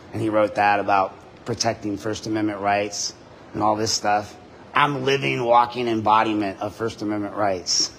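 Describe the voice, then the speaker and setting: A man's voice: lowish voice, slight background noise, low-quality recording. A man talking casually into his body-worn camera inside a public building, laughing often and swearing freely. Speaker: independent journalist livestreaming.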